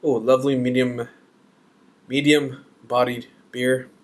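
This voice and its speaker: A man talks through a beer tasting at a slow, easy pace. His voice sits in an ordinary middle pitch for a man. He rambles, jokes and searches for words as he goes. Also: flat delivery. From Canada. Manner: rambling, joking, thinks aloud with fillers. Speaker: beer reviewer. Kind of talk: casual beer review.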